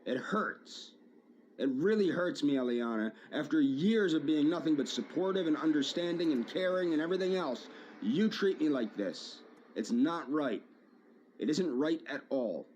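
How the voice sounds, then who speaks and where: A man's voice: on the high side, expressive, normal speed, darkish tone, highs cut off, slight background noise. A man in a video rant, hurt and aggrieved, repeating his phrases as he addresses a former friend.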